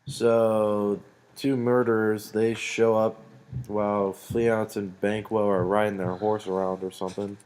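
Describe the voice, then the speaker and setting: A man's voice: fairly low pitch, flat delivery, a little slow, darkish tone. A young man rambling through a comic retelling of a play for school, slangy with dry asides. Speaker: student presenter.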